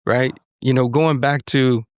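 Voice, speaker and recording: A man's voice: medium pitch, fairly even intonation, measured pace, smooth, dry recording, studio quality. A man co-hosting a podcast in a reflective, casual conversation, talking earnestly and often checking in with "right?" and "you know". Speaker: podcast co-host.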